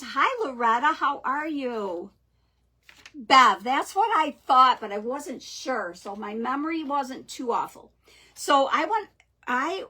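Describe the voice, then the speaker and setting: A middle-aged woman hosts a live craft stream from home, talking slowly through a webcam mic. Her voice sits a little high and sounds bright. She chats casually and greets her viewers one by one. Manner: chatty, greets viewers warmly by name.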